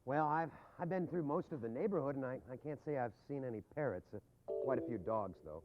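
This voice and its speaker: A man acting in a children's TV drama, playing gruff, jokey working-class men around the neighborhood. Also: medium pitch, expressive, fast. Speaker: actor playing a garbage man and a mailman. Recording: tinny lo-fi old TV audio with music.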